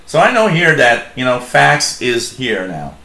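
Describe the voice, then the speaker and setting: A man with as his hosts a live hobby radio stream, talking slowly and loosely, full of ums and restarts. His voice sits at a middle pitch and rings in a roomy, echoey space. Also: sing-song, pushed and bright. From Canada. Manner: rambling, many fillers and restarts. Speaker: shortwave radio show host. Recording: echoey room.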